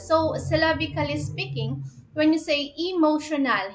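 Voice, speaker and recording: A young woman with a Filipino accent teaching a shorthand lesson, explaining slowly as she spells out letters and repeats each word. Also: high voice, fairly even intonation, reverberant, a little hiss or hum, low-quality recording. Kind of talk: online lesson.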